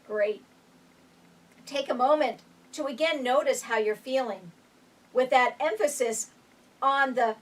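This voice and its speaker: A woman instructor calmly leading a guided chair breathing exercise, counting breaths aloud with gentle instructions. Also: on the high side. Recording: voice picked up from a distance.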